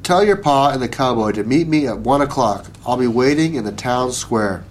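A man's voice: medium pitch, animated, moderate pace, slight background noise, lightly acted. Shrewd, leisurely small-town judge for a storybook, read by a man. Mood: wry. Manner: leisurely and wry.

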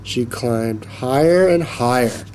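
A man reading a children's story aloud in a slow, expressive manner. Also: mid-range voice, slight background noise.

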